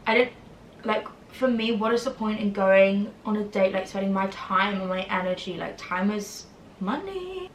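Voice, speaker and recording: A young woman YouTuber with a medium-pitched, slightly whiny voice chats casually to camera, rambling and leaning heavily on "like." The recording sounds roomy and distant from the mic, with slight background noise.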